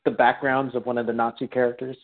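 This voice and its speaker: A man joins the film chat with a steady, mid-pitched voice, taking his time and pausing with fillers mid-thought. The sound is thin and tinny, like it comes through a phone. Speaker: podcast co-host.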